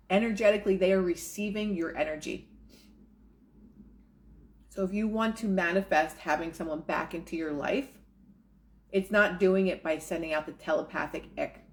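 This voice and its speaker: A woman reading aloud from a self-help book and breaking off into casual, chatty commentary, slipping into quoted inner voices. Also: mid-range voice. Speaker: manifestation coach.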